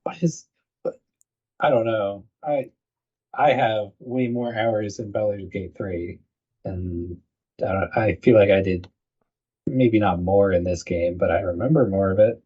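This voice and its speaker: A man co-hosting a casual podcast chat, jokey and quick to act out characters. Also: lowish voice, slightly rough. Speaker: podcast co-host. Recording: dull lo-fi recording.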